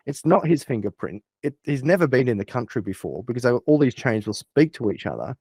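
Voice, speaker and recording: A man's voice: medium pitch, big pitch swings, a little fast, a little mellow, husky, dry recording. A man as an interview guest, explaining ideas eagerly through hypothetical examples in casual chat.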